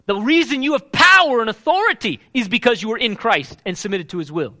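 A pastor preaching a live sermon, animated and emphatic, often checking in with the congregation. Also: male voice, very high-pitched, brisk.

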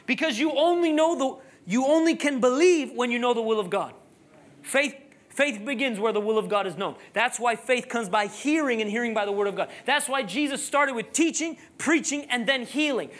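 Animated preacher telling a story. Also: mid-range voice. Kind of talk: sermon with personal story.

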